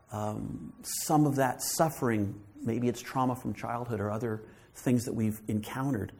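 A man giving a storytelling sermon as a guest speaker, talking in a gentle, conversational way. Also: mid-range voice, husky. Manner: gentle, conversational storytelling with frequent "you know" and "right?".

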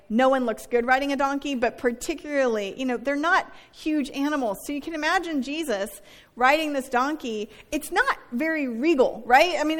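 A woman's voice: a little high, a bit bright, big-room sound. A middle-aged woman pastor preaching a sermon in a chatty, self-deprecating way, often tossing in "right?" to her listeners. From Northern California.

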